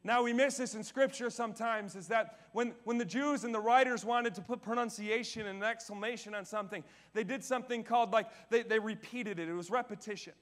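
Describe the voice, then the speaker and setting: Very high-voiced energetic male preacher. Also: fairly quick, hardly any pauses. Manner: energetic, swinging from loud declarations to quiet asides; asks the audience questions and answers them. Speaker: pastor. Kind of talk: sermon. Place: church stage.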